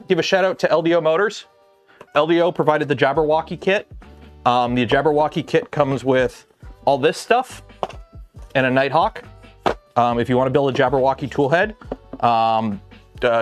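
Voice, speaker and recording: Rambling man streaming from his garage. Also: mid-range voice. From Canada. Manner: rambling, many "like" fillers. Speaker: livestream host. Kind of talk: casual livestream chat. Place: home garage workshop.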